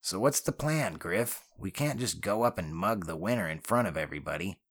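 A man voicing a wisecracking young male criminal, joking and a little anxious, in a higher voice than his narration. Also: lively intonation, normal speed.

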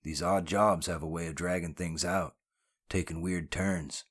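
Man doing a gravelly, blunt tough-guy crook. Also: low-pitched, steady tone, a little slow. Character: tough gruff male criminal, blunt and sardonic.

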